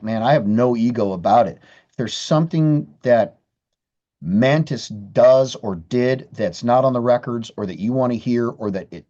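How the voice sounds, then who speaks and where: A man's voice: mid-range voice, mellow, muffled recording. A man, a guitarist guest in a casual interview, talking candidly with frequent restarts and swearing. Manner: candid, profane, many restarts.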